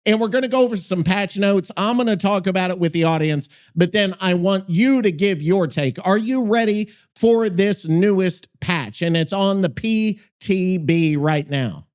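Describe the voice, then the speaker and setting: A man with a high-pitched voice hosts a casual podcast. He rambles, swears constantly and cuts himself off mid-thought as he goes. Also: moderate pace, hardly any pauses, a little mellow, clear, resonant tone. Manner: rambling, swears a lot, self-interrupting. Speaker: podcast host. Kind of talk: casual profane podcast chat.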